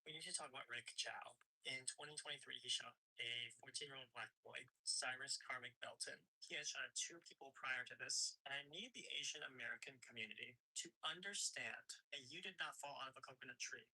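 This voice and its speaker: Man, husky voice, very bright edge, emphatic lecturing commentary. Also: medium pitch, fairly quick, hardly any pauses, low-quality recording. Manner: emphatic, instructive. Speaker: social commentator.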